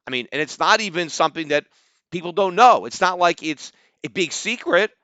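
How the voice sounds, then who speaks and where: A man's voice: high-pitched, lively intonation, a little fast, pushed and bright, no room sound. A middle-aged American man hosting a podcast, giving combative, sarcastic solo commentary and often asking "right?". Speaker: podcast host.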